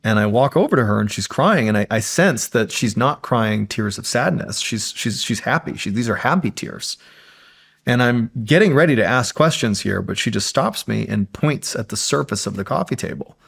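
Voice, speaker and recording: A man's voice: lowish voice, expressive, moderate pace, creaky, fairly bright tone, husky. A man, a podcast guest, telling a suspenseful true story in casual conversation, building tension and often saying "like".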